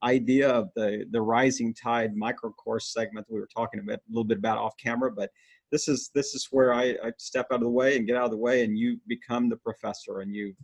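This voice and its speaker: An American man hosts a relaxed interview with an encouraging manner. His mid-pitched voice is gravelly and raspy. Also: quick pace, poor audio. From United States. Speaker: interview host. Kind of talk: conversational interview.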